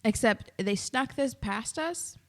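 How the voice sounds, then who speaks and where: A young woman co-hosting a podcast in casual chat, excitable and giggly. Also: fairly high pitch, takes it slowly. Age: young adult. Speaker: podcast co-host.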